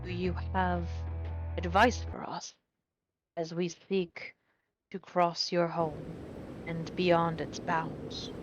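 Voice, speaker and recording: A courteous male druid, played by a woman, speaking formal, measured words. The voice sits somewhat low for a woman and moves slowly, with music playing clearly behind. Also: little pitch movement, muffled recording.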